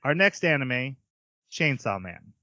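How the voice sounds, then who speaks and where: A man's voice: medium pitch, sing-song, slow, bright, forceful tone, dry recording. A man hosting a casual podcast, rambling and restarting his sentences, laughing often. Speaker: podcast host. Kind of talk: casual chat.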